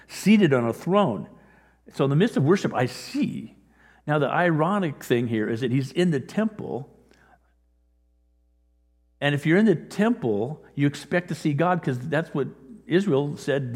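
A man preaching a sermon in a conversational way, growing animated as he acts out scripture. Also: medium pitch, breathy edge. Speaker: pastor. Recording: long reverb of a large hall.

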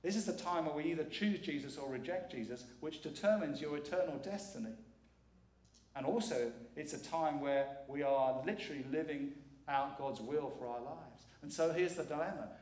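A man's voice: a little high, moderate pace, darkish tone. A middle-aged man preaching as a guest speaker, earnest and emphatic, repeating words for weight. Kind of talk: sermon. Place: church sanctuary. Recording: echoey church hall.

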